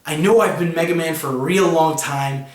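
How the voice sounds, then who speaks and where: A man's voice: a little high, normal speed, natural voice. A man voicing a young robot hero, speaking earnestly in his own everyday voice, in a roomy echo.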